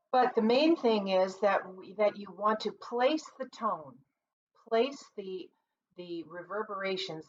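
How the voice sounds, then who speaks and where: Woman, voice and choir teacher, patient practical tone, lowish voice; dull lo-fi laptop recording. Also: slight background noise. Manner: calm, explanatory, practical. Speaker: music teacher and conductor. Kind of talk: online singing lesson. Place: home, seated at a computer. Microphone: computer mic. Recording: distant, dull lo-fi computer audio.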